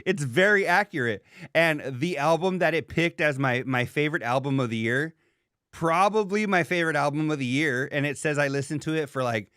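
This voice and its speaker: A man's voice: fairly high pitch, a little fast, a bit bright, smooth, no echo, studio quality. A man hosting a casual podcast, telling stories in a profane, ranting way and acting out quoted dialogue. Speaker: podcast host.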